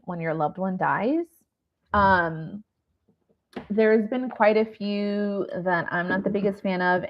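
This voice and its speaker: Female nurse-host, candid and rambling, unhurried delivery, dull lo-fi audio. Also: medium pitch. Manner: raw, rambling, heartfelt, with many fillers. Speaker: nurse hosting a grief masterclass. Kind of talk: candid live online talk.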